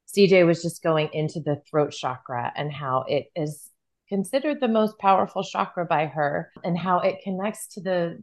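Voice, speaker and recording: A woman hosting a podcast, gushing with bubbly enthusiasm as she interviews her guest. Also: lowish voice. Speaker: podcast host.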